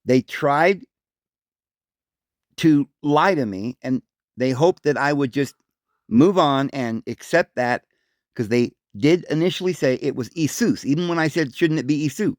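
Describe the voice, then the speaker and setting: A man's voice: lively intonation, measured pace, no room sound, studio quality. A man hosting a solo religious talk, speaking emphatically and insistently and repeating his points. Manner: acts out voices calling out a name in raised pitch. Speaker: host.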